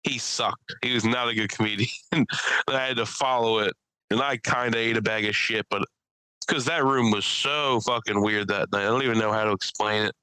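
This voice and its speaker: A man's voice: on the low side, steady tone, moderate pace, smooth, dry recording, poor audio. A young man, hosting a podcast and rambling through comedy stories, swearing freely. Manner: rambling storyteller, swears a lot, acts out people in loud bursts. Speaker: podcast host and stand-up comedian. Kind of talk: casual chat.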